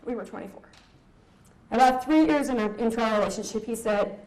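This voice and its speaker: Her pitch is fairly high and her delivery a little fast, with a darkish tone. This young woman from Southern California shares something personal and emotional at a conference, laughing now and then, and the hall around her echoes.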